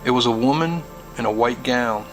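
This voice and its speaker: A man host reading court testimony aloud in a plain, measured way, covering both questions and answers. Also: medium pitch, faint music behind, rough recording. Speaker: host and narrator.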